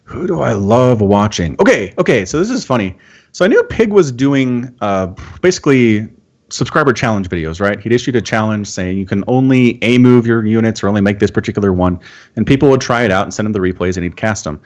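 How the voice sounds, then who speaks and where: A man from Utah, a guest on a casual live-stream chat, explaining things in a relaxed, storytelling way. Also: lowish voice, a little fast. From Utah, USA. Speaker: podcast guest.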